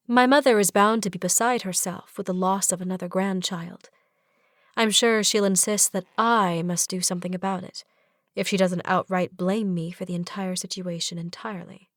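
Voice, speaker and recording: A woman reads a fantasy romance audiobook in the first person, soft and even. Her voice sits at a middling pitch, and the recording is dry and close, with no room sound. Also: moderate pace, no echo. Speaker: audiobook narrator.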